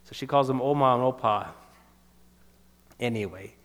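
A man in his fifties telling a personal testimony in sermon style, emotional and storytelling, dropping softer at tender moments. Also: medium pitch, moderate pace, in a large hall. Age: 50s. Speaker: speaker giving a testimony.

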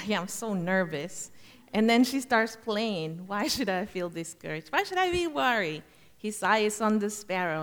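A woman missionary giving a heartfelt, earnest testimony in a church, telling her story with thanks. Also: fairly high pitch. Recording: long hall reverb.

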